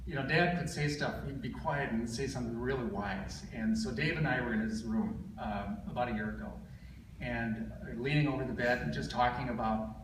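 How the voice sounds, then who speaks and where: A middle-aged man delivers his father's eulogy at a funeral, pausing often to gather his words and leaning on gentle humor. His voice is of ordinary pitch. It carries from a distance through an echoey hall, with a steady hiss of background noise. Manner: halting, with frequent filler pauses and gentle humor. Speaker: son giving a eulogy.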